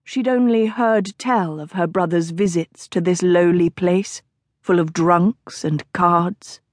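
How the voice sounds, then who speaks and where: A woman narrating a historical romance audiobook in a measured storytelling delivery. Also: fairly low pitch, steady tone, a little mellow, no echo, studio quality. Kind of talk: scripted narration.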